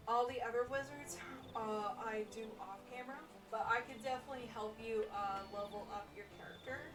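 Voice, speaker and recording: Woman game streamer, high, slow, teasing and giggly, echoey room, distant mic. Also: noisy background. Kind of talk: casual chat while playing. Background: game music.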